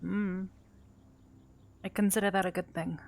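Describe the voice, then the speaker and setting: A woman in a roleplay session playing a healer, talking in a tired, soft-spoken way. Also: mid-range voice, level tone, unhurried, gravelly. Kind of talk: in-character roleplay.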